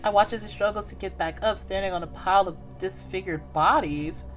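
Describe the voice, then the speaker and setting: A young woman live-streaming a horror game, reading its text aloud and reacting with excitable shouts and laughs. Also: mid-range voice, brisk, faint music behind.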